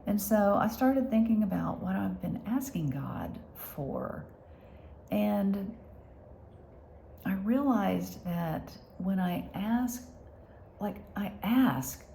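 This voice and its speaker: A woman speaking candidly in a personal vlog, halting and heartfelt, with many fillers and moments where she drops to a whisper. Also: medium pitch, lively intonation, gravelly, warm tone, slight background noise. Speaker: vlogger sharing her illness.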